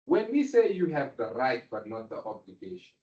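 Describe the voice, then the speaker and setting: A man's voice: mid-range voice, sing-song, normal speed, dark tone. Man, university lecturer, quizzing students, echoey room, muffled sound. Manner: questioning, checks understanding often. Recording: roomy, dull lecture-hall recording.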